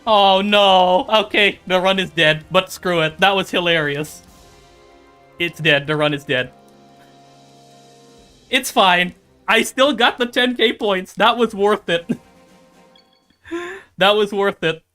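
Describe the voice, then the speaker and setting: A man's voice: high voice, takes it slowly, pauses often, bright, forceful tone, smooth, soft background music. A streamer, seemingly a man, giving casual commentary on a racing game, repeating phrases and breaking into fits of laughter.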